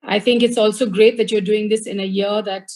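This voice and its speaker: A woman giving a gracious, measured acceptance speech over a video call. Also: medium pitch, flat delivery, a little mellow. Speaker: award honoree.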